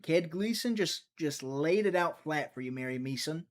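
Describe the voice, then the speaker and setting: A man's voice: fairly high pitch, expressive, normal speed. A young man from Mississippi, rambling and joking as he hosts a casual live stream and answers chat. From Mississippi, USA. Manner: rambling, jokey, reads and answers chat aloud.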